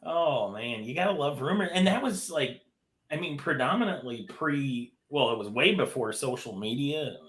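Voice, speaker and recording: Bright-voiced man hosting an interview. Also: mid-range voice, lively intonation. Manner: eager, quick reactions and questions. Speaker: host. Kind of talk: casual interview chat.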